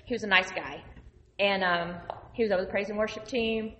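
A woman telling an animated, conversational testimony about her ministry. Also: mid-range voice, brisk, slight background noise. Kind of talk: casual testimony storytelling. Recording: roomy hall reverb.

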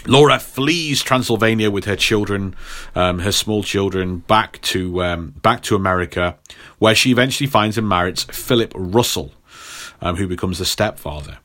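A man's voice: fairly low pitch, normal speed, fairly bright tone. A man recapping a story in a rambling, playful way for a podcast. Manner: rambling, playful, many ums. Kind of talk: comic plot recap.

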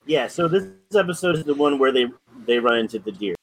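A man's voice: mid-range voice, expressive, quick pace, a little hiss or hum, poor audio. A man co-hosting a podcast, casually retelling a story in a rambling way, full of ums and likes. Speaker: podcast co-host.

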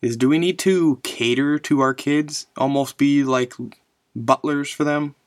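A man's voice: on the high side, fairly even intonation, a little slow, dry recording, clean studio sound. A man in his thirties, a father hosting his own show, talking in a casual, rambling and reflective way. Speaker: podcast host, father. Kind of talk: casual solo monologue.

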